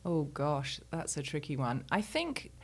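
A woman's voice: low voice, sing-song, measured pace, gravelly, breathy edge. A middle-aged woman with a London English accent, a pastor speaking as a guest in a casual interview, earnest and full of ums. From England. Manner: earnest, warm-hearted storytelling with frequent ums.

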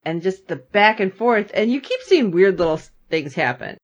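Animated woman retelling a TV episode. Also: medium pitch, moderate pace, muffled recording. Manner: animated storyteller, acting out both sides of the scene. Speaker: podcast co-host recapping a TV episode. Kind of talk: casual chat.

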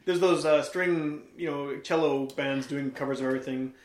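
A man's voice: a little high, fairly even intonation, moderate pace, reverberant. A man hosting a podcast in casual chat, laughing often and rambling with restarts. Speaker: podcast host.

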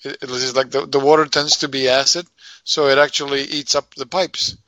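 Bright-voiced man, halting chat. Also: medium pitch, little pitch movement, no room sound, rough recording. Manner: thoughtful, halting with fillers. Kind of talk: casual chat.

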